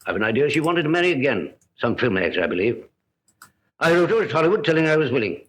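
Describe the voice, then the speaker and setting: A curt aristocratic husband. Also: male voice, mid-range voice, sing-song, fast talker, a bit bright, slightly rough, low-quality recording. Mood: aloof. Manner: curt, clipped. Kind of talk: 1930s film acting. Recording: old film soundtrack with hiss.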